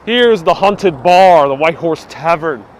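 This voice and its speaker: A man's voice: a little high, lively intonation, a little slow, a little hiss or hum. A man hosting a casual live-stream walking tour outdoors on city streets, chatting away and reading out viewer comments with frequent laughs. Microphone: wireless clip-on mic with phone on gimbal.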